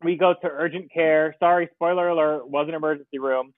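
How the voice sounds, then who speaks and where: A man as a podcast guest, telling a story in an animated, casual way and laughing often. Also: on the high side, fairly quick, no room sound. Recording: tinny phone-like line, dry.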